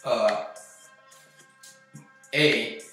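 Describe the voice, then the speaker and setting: A man recounting a personal experience in a halting, rambling way, full of fillers and swearing. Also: medium pitch, sharp tone. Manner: halting, filler-heavy, profane. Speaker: vlogger recounting a trip. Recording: very echoey, distant mic, music behind.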